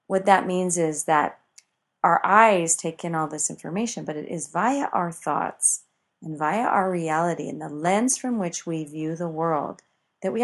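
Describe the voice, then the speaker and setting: A woman teaching self-help ideas in a motivational talk, expressive and acting out everyday examples. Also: low voice.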